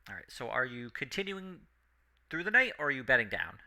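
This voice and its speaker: Game master, male, bright voice with a lively swing, talks through rulings. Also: medium pitch, a little fast. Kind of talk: narrating a tabletop game.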